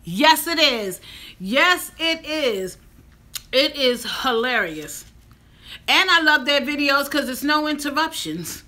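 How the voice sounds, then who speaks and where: A woman vlogger chats casually to viewers during a mukbang, speaking straight to them in an animated, emphatic way. Her voice is high and she takes it slowly.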